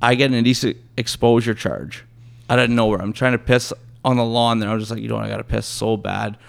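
Canadian man, podcast guest, gravelly tone, rambling profane storyteller. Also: medium pitch, fairly even intonation, quick pace. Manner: rambling, swearing anecdotes with quoted impressions. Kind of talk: casual storytelling chat.

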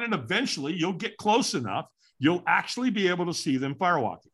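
A man in his sixties, a podcast guest, tells a personal story at a fast clip with a breathy edge to his voice. He's animated, acting out what people said with big swings in pitch.

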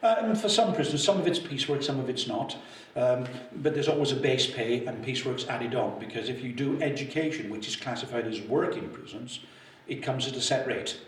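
A man's voice: mid-range voice, a little fast, far from the mic. An older man co-hosts a casual podcast, rambling through memories and tripping over repeated words. His voice sits in the middle range and comes a little off-mic. The room is echoey, with faint noise behind him. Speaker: co-host, former prison officer.

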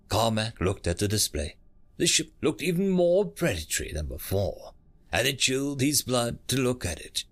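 A male audiobook narrator reading science fiction short stories aloud in steady, scripted storytelling. His voice has a gravelly, creaky texture, and his delivery moves in a lively, rising and falling melody. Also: medium pitch, moderate pace.

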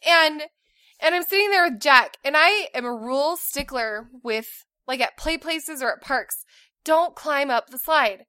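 A woman in her thirties co-hosting a podcast in casual chat, telling animated stories and laughing often. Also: high voice, measured pace, no room sound, clean studio sound. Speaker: podcast co-host.

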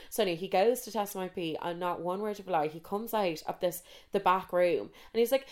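A woman's voice: mid-range voice, steady tone, fairly quick, a little mellow. Frank, swearing young woman. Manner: frank and swearing, self-mocking, many fillers. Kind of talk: casual storytelling.

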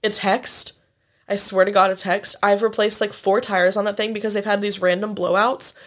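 A woman's voice: medium pitch, flat delivery, brisk. A young woman chats casually as a podcast co-host. She tells her stories animatedly, with plenty of fillers and some swearing. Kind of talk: casual chat.

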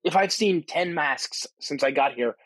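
A man's voice: a little high, measured pace, fairly bright tone, no room sound. Gushing, rambling male podcast host. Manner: enthusiastic, rambling with frequent fillers and restarts. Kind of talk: casual spoken monologue. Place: on location at a tech conference abroad.

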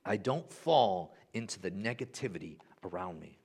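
A young man preaching a sermon in a church, animated, swinging from hushed to loud and repeating phrases for emphasis. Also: low voice, normal speed, slightly rough. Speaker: pastor.

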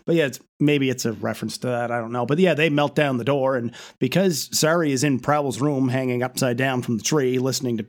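Wry man narrating a cartoon plot. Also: mid-range voice. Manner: wry, deadpan plot narration with sarcastic asides. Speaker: podcast co-host. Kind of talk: casual episode recap chat.

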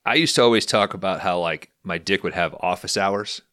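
A man's voice: low-pitched, brisk, a bit bright. A man hosting a podcast, casually retelling a film's plot with plenty of profanity. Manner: profane, storytelling. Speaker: podcast host. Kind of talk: casual recap of a film.

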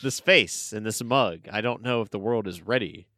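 A man co-hosting a podcast, relaxed and self-deprecating in casual chat. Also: fairly low pitch, normal speed, no room sound, studio quality. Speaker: podcast co-host.

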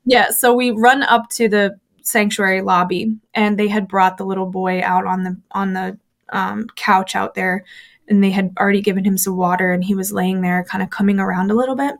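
A woman in a relaxed interview, talking candidly and chattily about her past. Her voice sits at an ordinary middle pitch, neither high nor low. She tells the story with plenty of fillers and restarts and slips into the voices of the people she quotes. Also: normal speed, creaky. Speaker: former church member telling her story.

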